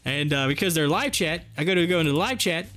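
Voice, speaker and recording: A day-trading live stream host with a notably high, expressive voice chats loosely with viewers. He spins long, rambling stories full of fillers and quick laughs, while faint music plays quietly behind him.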